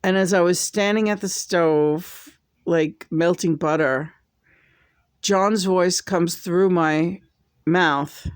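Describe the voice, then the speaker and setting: A woman hosting a vlog tells a candid personal story at an unhurried pace. She rambles and turns animated when she quotes herself. The sound is dry and close. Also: lowish voice, no echo. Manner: rambling, animated when quoting, frequent laughs. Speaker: vlog host.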